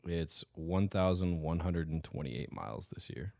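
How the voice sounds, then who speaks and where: A very deep-voiced man co-hosting a chatty podcast, loose and playful, drifting off mid-thought before picking back up. The recording is dry and close, with no room sound around him. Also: lively intonation, a little slow, vocal fry, a little mellow, no echo. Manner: laid-back, joking, trailing off mid-sentence. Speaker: podcast co-host. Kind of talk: casual chat.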